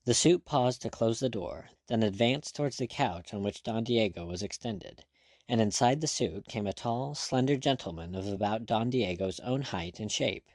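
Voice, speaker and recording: A man narrating an adventure novel in a measured, expressive storytelling voice. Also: on the low side, no room sound, studio quality. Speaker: audiobook narrator.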